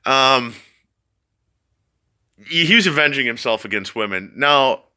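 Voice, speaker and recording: A man reads a story aloud on his vlog and keeps wandering off into laughing commentary. His voice is sharp and forceful. His pitch jumps around a lot. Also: lively intonation, unhurried. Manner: keeps breaking into laughter, rambling asides. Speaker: vlogger reading out a news story.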